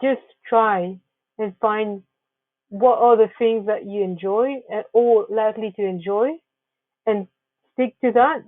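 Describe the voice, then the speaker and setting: A woman's voice: mid-range voice, takes it slowly, no room sound. A woman presenting a narrated slideshow, giving earnest wellness advice with frequent restarts. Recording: tinny phone-like, dry sound.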